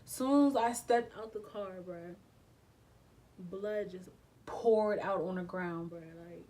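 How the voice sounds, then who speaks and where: A woman's voice: lowish voice, slow pace, dark tone, far from the mic, low-quality recording. A young woman, telling a painful personal story in a casual, emotional way, with frequent swearing and slang. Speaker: vlogger. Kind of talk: storytime vlog.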